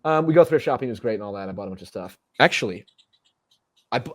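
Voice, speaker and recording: A man's voice: on the low side, animated, quick pace, dry recording. A young man in his twenties hosting a casual podcast, rambling through a story with many fillers and restarts. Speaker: podcast host.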